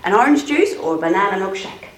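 A woman's voice: mid-range voice, expressive, fast, slight background noise, voice pushed down, natural voice. A woman voicing a cheerful, welcoming grown man as she reads a story to children. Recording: roomy, distant mic.

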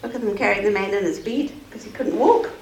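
A woman telling a story to children at church, expressive and asking them questions as she goes. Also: mid-range voice, quick pace. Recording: roomy, distant mic, faint noise.

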